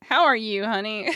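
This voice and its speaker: A woman's voice: medium pitch, background noise. A woman streamer chatting casually with her viewers, swearing freely and laughing often.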